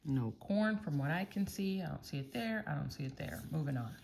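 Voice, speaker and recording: A woman from Texas calmly murmuring through lottery scratch-off tickets, slowly listing each symbol as she checks. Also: deep voice, vocal fry, a little hiss or hum. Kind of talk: calm scratch-off play-by-play.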